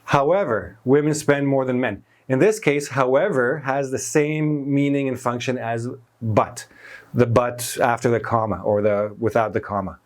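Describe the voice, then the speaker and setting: A man's voice: medium pitch, moderate pace. A man teaching English grammar in a whiteboard lesson, explaining each example step by step, stressing key words and correcting himself mid-sentence.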